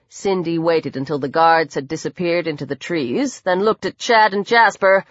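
A woman narrating an audiobook in a measured, steady read. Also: on the low side, no echo. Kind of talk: scripted narration. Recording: dry, dull lo-fi recording.

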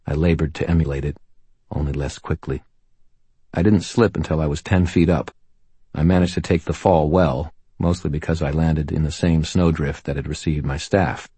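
A man's voice: very deep voice, mellow, breathy edge, no room sound. A man reading a first-person story aloud in a dry, wry storytelling manner. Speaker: audiobook narrator. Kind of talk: scripted first-person narration.

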